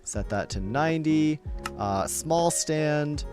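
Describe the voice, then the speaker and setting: A man's voice: on the high side, animated, slow pace, music in the background. A man casually chatting with his viewers during a live game stream, upbeat and laughing often. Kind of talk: casual live-stream chat while playing.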